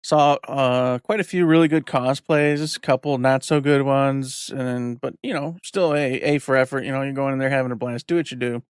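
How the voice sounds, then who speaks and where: Smooth-voiced man in his forties. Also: medium pitch, fairly even intonation, moderate pace, few pauses, no echo, studio quality. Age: 40s. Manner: rambling storyteller, acts out quotes. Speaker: podcast co-host. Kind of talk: casual chat.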